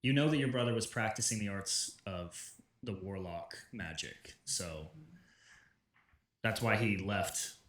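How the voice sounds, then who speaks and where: A man narrating as game master of a tabletop game in a relaxed, conversational way. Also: on the low side, measured pace. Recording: echoey room, distant mic.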